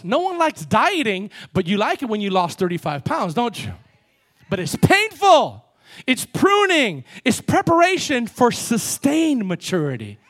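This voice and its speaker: A middle-aged man, a pastor, preaching a sermon in an animated way, swinging from loud peaks to low asides. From Cuban background.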